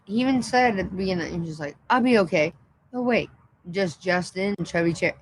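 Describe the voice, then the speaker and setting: A woman's voice: fairly low pitch, animated, brisk, slight background noise, low-quality recording. A woman hosting a casual livestream, laughing constantly between phrases and swearing casually. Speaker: livestream host.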